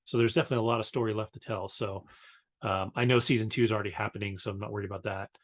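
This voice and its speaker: A man's voice: fairly low pitch, steady tone, very fast. A man co-hosting a podcast in casual chat, hesitant with many fillers. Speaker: podcast co-host.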